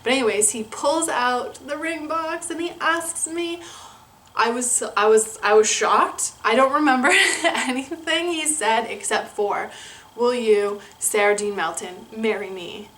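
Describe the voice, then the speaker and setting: A woman's voice: sits high, lively intonation, unhurried, bright, forceful tone. A young woman vlogger gushing through a personal story in casual chat, laughing often. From Canada.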